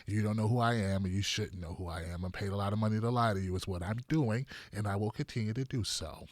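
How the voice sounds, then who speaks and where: A man voicing a mocked, self-important female TV pundit in a low, sneering mumble. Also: fast, dry recording, studio quality, lightly acted.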